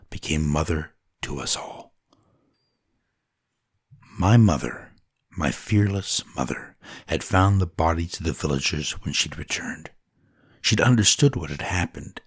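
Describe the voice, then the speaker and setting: A man narrating a dramatic first-person story in a solemn, deliberate way, at times dropping to a whisper. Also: low-pitched, dry recording, studio quality.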